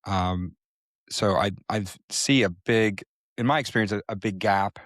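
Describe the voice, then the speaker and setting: Man, podcast co-host, casual chat, low voice, dry sound, thinks aloud. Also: a little slow, fairly bright tone, no echo. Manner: explains at length, thinking aloud with frequent "um".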